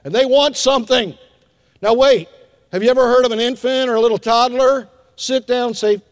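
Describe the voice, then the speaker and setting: An older man preaching a sermon as pastor, animated, acting out little scenes with hushed asides and drawn-out emphasis. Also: very high voice. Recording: long hall reverb.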